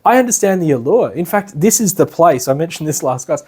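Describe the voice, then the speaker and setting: Aussie guy teaching a class, rambly storyteller, husky voice, pitch all over. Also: brisk. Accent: Australian. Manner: chatty, animated, many fillers. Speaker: lecturer. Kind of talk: casual lecture with storytelling. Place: class in a meeting room.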